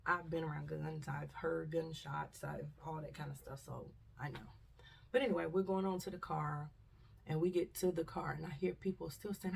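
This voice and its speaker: Gravelly, husky woman telling a story. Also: low voice, moderate pace, far from the mic. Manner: animated storyteller, acts out voices, drops to whispers. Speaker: vlogger. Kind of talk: casual storytime.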